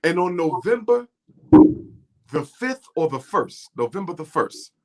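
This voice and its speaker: A middle-aged man talks like a preacher, his voice swinging widely in pitch as he drives each point home. He sits a little higher than most men and uses repetition and rhythm to build. It is an impassioned talk, not a script. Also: very animated, unhurried. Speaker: guest speaker. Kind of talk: impassioned lecture in conversation.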